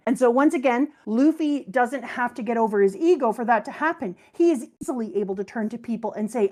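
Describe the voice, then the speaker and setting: Middle-aged woman, slightly high voice, animated storyteller who drops low for character lines. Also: quick pace, hardly any pauses. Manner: excited, acts out character lines in a lowered voice. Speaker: co-host reading and discussing a manga. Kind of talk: casual chat.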